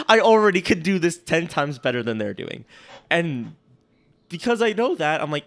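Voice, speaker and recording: A man's voice: a little high, big pitch swings, moderate pace, a bit bright. A man from the United States co-hosting a casual podcast, rambling and self-mocking and laughing easily. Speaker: podcast co-host.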